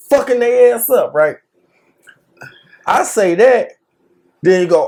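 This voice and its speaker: Man, high voice, very lively pitch, casual slangy storytelling, laughs a lot. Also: a little slow, pauses often. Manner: animated, slangy, laughs often, acts out quotes. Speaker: podcast co-host telling a story.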